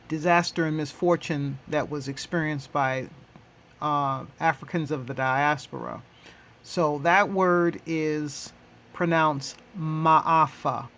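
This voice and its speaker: A man hosting and teaching a language lesson, repeating each word three times in a deliberate way. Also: on the high side, fairly bright tone. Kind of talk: slow, repetitive language lesson.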